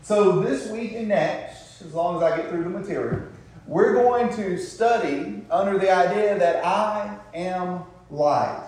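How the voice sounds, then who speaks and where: Speaking a little slowly in a high, darkish voice, a man preaches to his congregation in a church sanctuary. He uses call-and-response delivery, stretching emphatic words and asking rhetorical questions like "isn't it?". The room echoes heavily and the mic is far from him.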